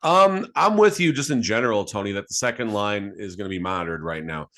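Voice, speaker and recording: A man co-hosting a sports podcast, joking and animated, often repeating words as he talks. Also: fairly low pitch, brisk. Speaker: podcast co-host. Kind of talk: casual sports chat.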